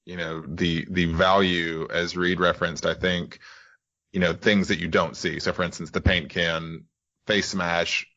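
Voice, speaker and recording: A man's voice: low voice, level tone, a little slow, bright, forceful tone, muffled recording. A man co-hosting a podcast interview, talking at length about a film and hedging often with "I think" and "you know". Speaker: podcast co-host.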